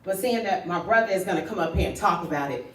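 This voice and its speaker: A woman's voice: fairly low pitch, expressive, fast talker. A woman giving an impassioned speech to a crowd at a rally, speaking emphatically and calling on listeners directly. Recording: distant, roomy livestream audio with faint noise.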